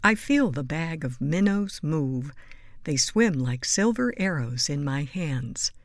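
Slow, soft-spoken woman reading bedtime stories. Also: low-pitched, lively intonation, no room sound. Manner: soft, slow and soothing, dropping to a whisper at times. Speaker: storyteller reading picture books aloud. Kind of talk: gentle storybook read-aloud. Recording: dry close mic with faint music behind.

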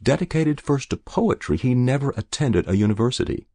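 A man narrating a short story in a measured, even storytelling manner, after a short introduction of its author. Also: medium pitch, no echo, clean studio sound. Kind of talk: scripted short story reading.

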